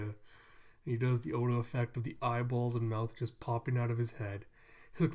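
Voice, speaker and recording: A man's voice: mid-range voice, level tone, a little fast, darkish tone. A man giving a casual manga review, animatedly retelling the scenes and acting them out.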